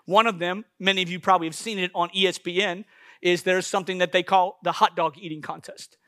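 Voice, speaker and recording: Preacher guy, high bright voice, dry close sound, goes loud then quiet. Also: quick pace, no echo. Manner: lively, preaching with sudden swings from loud to hushed. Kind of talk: sermon.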